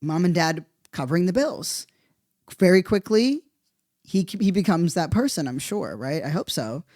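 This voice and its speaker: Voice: medium pitch, animated, moderate pace, a little mellow, no room sound, clean studio sound. A podcast host giving a casual monologue, rambling and profane, thinking aloud and tagging points with "right?".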